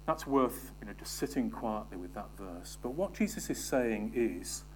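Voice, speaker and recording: A man preaching a sermon, moving from emphatic scripture reading to soft, almost whispered asides and questions to the congregation. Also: lowish voice, animated, moderate pace, slight background noise.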